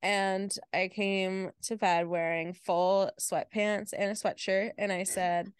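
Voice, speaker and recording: A young woman joking along with her co-host on a podcast and landing deadpan punchlines. She is miked close, with a dry, roomless sound. Her pitch sits in the middle of the usual range. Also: unhurried, few pauses, clean tone, dry recording. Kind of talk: casual chat.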